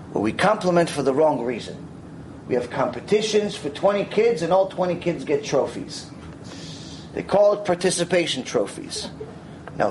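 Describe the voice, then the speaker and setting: A man teaching a Torah lecture, telling stories in an animated way and sprinkling in Hebrew terms and "you know". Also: a little high, slight background noise, rough recording. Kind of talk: lecture with storytelling.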